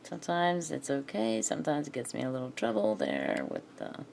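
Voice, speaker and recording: A woman's voice: very deep voice, huge pitch swings, fairly quick, creaky, darkish tone, a little hiss or hum. A woman chatting casually to herself while she crafts, muttering and laughing often. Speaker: craft video maker.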